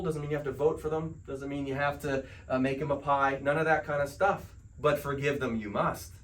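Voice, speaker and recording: A man's voice: medium pitch, recorded from a distance, poor audio. A male counselor giving a spiritual self-help lecture in a conversational way, often putting rhetorical questions to his audience.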